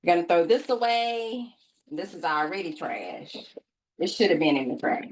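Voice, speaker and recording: A woman hosts a craft channel video, her voice on the low side and very animated at a moderate pace, with slight background noise. She chats colloquially and playfully, calling her viewers "y'all" and teasing them with mock drama in casual vlog talk.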